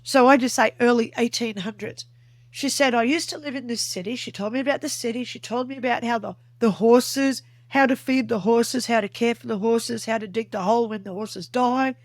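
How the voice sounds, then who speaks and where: Higher-voiced woman telling her story. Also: fairly quick, no echo. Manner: earnest, vivid storytelling that acts out remembered dialogue. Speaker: podcast guest. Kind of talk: recounting a personal experience in an interview.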